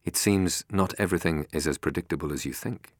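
A calm, defiant captive who talks quietly with wry understatement, as a male narrator voices him. His voice is very deep and dry. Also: brisk, dry recording.

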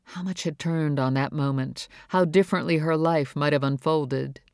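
A reader narrating a novel in a measured, even storytelling manner. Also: mid-range voice, clear, resonant tone, dry recording, clean studio sound. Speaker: audiobook narrator. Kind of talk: scripted narration.

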